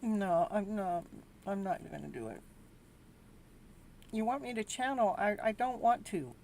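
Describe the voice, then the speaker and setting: A woman's voice: mid-range voice, lively intonation, unhurried, darkish tone, slight background noise. A tired, worn-out woman hosting a live tarot reading, rambling and exasperated as she talks to her viewers. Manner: rambling, weary and exasperated, with frequent restarts. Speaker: tarot reader and show host.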